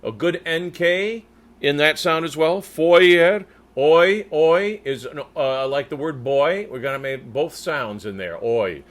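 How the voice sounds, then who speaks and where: A man coaching tenors as a choir conductor, demonstrating German words slowly with crisp rolled R's between explanations. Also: a little high, animated, fairly bright tone. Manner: slow, deliberate delivery. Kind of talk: diction coaching lesson.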